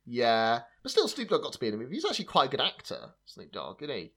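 A man's voice: medium pitch, huge pitch swings, fast talker, fairly bright tone, husky. Wry man hosting a casual podcast. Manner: wry and sarcastic, with frequent fillers and laughter. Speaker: podcast host sharing film trivia. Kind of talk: casual chat.

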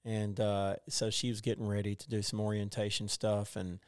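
A man's voice: lowish voice, level tone, moderate pace, darkish tone, smooth, no echo, studio quality. A middle-aged man telling a personal story in casual conversation, rambling with many fillers and restarts. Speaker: podcast co-host.

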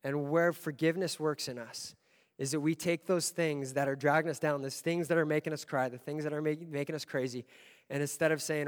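A man preaching a sermon as pastor, telling a story with a voice that swells from quiet to loud. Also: on the high side, fairly even intonation, a little fast. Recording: long hall reverb.

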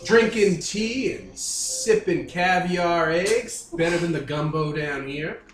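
A man voicing a menacing male crocodile-man sewer gang boss in a put-on Louisiana hillbilly accent, taunting with drawn-out words. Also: on the high side. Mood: sneering. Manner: taunting, drawn-out sneering delivery. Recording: roomy, distant mic with faint background noise.

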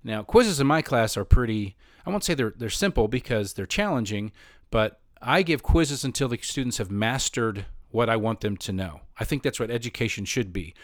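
A man's voice: medium pitch, moderate pace, dry recording, studio quality. A man who teaches middle school choir, casually telling personal stories with frequent restarts and self-corrections. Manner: rambling, self-correcting, animated when quoting others. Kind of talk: personal storytelling.

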